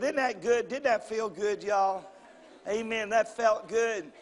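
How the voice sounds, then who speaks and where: A pastor with a high-pitched voice takes his time preaching a folksy sermon in a church sanctuary. He repeats phrases and calls on the congregation to respond, while the hall's long reverb lingers.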